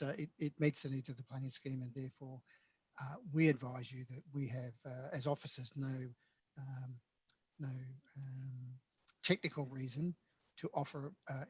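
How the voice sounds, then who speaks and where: A man giving measured, formal planning advice at a council meeting over a remote call, with many fillers. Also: mid-range voice, husky. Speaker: acting planning manager.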